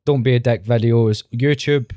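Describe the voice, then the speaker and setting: A young man with a Glaswegian accent hosting a casual podcast chat, blunt and sweary, often trailing off quietly. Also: mid-range voice, steady tone, normal speed, no echo, studio quality. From Scotland. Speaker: podcast host.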